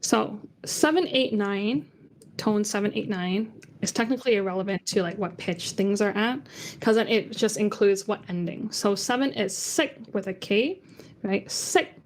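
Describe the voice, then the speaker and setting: A woman's voice: medium pitch, moderate pace. Chatty woman teaching tones online. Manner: chatty, demonstrates tones by singing them out. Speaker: Cantonese teacher. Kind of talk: online language lesson.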